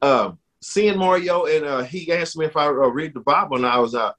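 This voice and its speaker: Man, husky voice, earnest faith testimony, halting with many restarts, emotional. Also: fairly high pitch, fairly bright tone. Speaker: guest sharing testimony.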